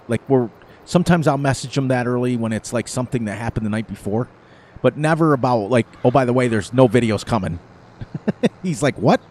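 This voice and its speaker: A man's voice: mid-range voice, a little mellow, a little hiss or hum. Middle-aged man telling rambling stories. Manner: rambling, laughing storyteller. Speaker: gaming channel host. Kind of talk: casual chat over gameplay.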